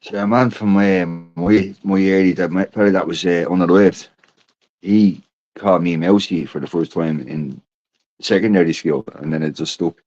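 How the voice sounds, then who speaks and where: An Irish podcast host with a low, darkish voice speaks at a steady, moderate pace, chatting casually, swearing and telling rambling stories. The recording sounds dull and dry.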